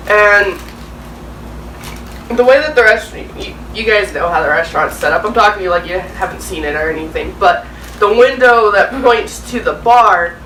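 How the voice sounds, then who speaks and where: Woman chatting over food, sharp bright voice, kinda rambly, roomy far-off sound. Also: medium pitch. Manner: rambling, self-correcting, laughs while telling. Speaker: family channel co-host. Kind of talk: casual mealtime storytelling. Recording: roomy, distant mic, faint noise.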